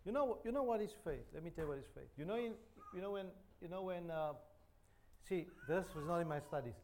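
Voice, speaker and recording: A man's voice: fairly high pitch, lively intonation, fast, a little mellow, a little hiss or hum. A man preaching a sermon, joking and chatty, repeating phrases. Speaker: pastor. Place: church.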